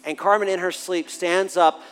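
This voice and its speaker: A man in his forties preaching a sermon and telling a family story, animated, swinging from hushed to loud and laughing. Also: high voice, normal speed. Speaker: pastor. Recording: long hall reverb with faint music.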